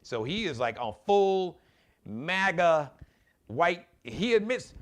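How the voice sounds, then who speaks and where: A man's voice: mid-range voice, sing-song, unhurried. A man hosting his own live commentary show, talking in an impassioned, preachy way and urging his listeners directly. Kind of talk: opinionated solo commentary.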